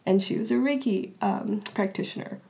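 A woman's voice: medium pitch, moderate pace, creaky, warm tone. A woman guest in an interview, telling a personal story casually, with frequent filler words and restarts. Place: Los Angeles area.

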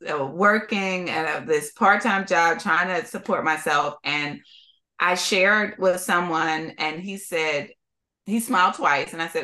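A woman from Philadelphia, a podcast guest, telling her story in an interview in an animated, expressive way and laughing often. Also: fairly low pitch, a little slow. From Philadelphia, USA.

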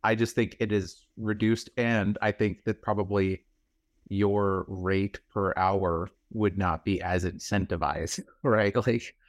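A man's voice: on the low side, fairly even intonation, takes it slowly, dry recording. A man co-hosting a podcast, telling stories in a laid-back way, full of "like.". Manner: laid-back storyteller, hedges with "like". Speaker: podcast co-host. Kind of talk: casual chat.

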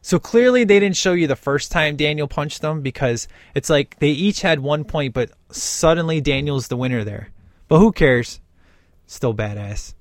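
A man's voice: on the high side, lively intonation, moderate pace, no echo, clean studio sound. A man talking through a film in casual commentary, enthusiastic and emphatic with lots of slang.

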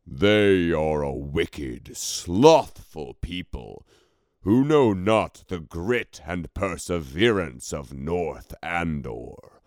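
A hulking warlord rumbles his promises in a deep, slow voice, as a man acts him out. The sound is dry and close. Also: lively intonation, darkish tone, dry recording, exaggerated voice. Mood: menacing. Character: hulking brutish male warlord of the north.

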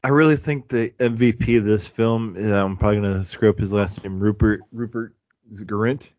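A man's voice: lowish voice, steady tone, a little fast, darkish tone, dry recording. A man chatting casually and enthusiastically about a film as a podcast co-host, joking as he goes. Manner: enthusiastic, joking, imitates characters.

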